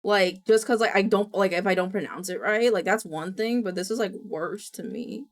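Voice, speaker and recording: A woman's voice: mid-range voice, normal speed. A young woman streamer chatting casually, rambling and apologetic with lots of filler words. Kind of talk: casual live-stream chat.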